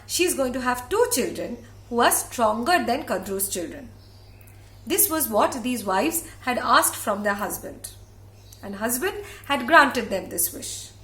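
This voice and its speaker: A woman's voice: a little high, a bit bright. A woman storyteller recounting a myth in a dramatic way, repeating phrases for effect. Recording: echoey room.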